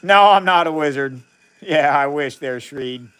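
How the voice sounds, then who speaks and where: A man's voice: fairly high pitch, measured pace, a bit bright, clear, resonant tone. Chatty man demoing chemistry live. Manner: chatty, narrates experiments and greets viewers by name. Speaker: science streamer and teacher. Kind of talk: casual live-stream chat. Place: chemistry lab.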